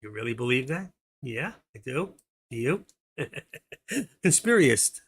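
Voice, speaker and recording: A man's voice: medium pitch, lively intonation, unhurried, husky. A middle-aged man hosting a live stream, chatting casually and telling jokes in a rambling way, laughing at his own punchlines.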